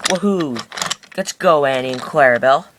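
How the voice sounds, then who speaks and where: A man's voice: mid-range voice, normal speed, noisy background, close to an everyday voice. A man voicing Diesel, a rude bragging engine. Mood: snappy brash. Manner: snappy, brash.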